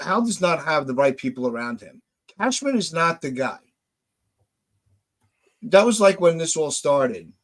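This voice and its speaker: A man hosting a podcast, venting with frustration, swearing and restarting his sentences. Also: on the high side. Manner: frustrated, repetitive restarts, profane. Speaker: podcast host. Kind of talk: heated casual podcast chat.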